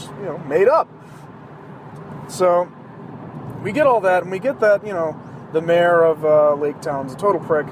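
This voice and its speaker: A man's voice: high voice, noisy background. A man hosting a podcast, talking in a casual, rambling monologue from inside his car while he drives, joking and swearing sarcastically as he goes. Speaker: podcast host.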